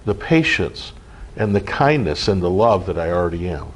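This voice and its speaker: Middle-aged man, husky voice, earnest informal preacher who keeps checking in with the group. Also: deep voice, very animated, normal speed. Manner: earnest, repetitive, frequent "okay?" check-ins. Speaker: spiritual group leader. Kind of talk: informal spiritual teaching.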